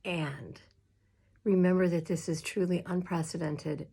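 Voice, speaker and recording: Woman, minister, casual advice to clergy, chatty and warm, lower voice, unhurried pace. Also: fairly even intonation, creaky, husky. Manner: warm, chatty, emotional, with many fillers and laughs. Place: home room with a squeaky chair.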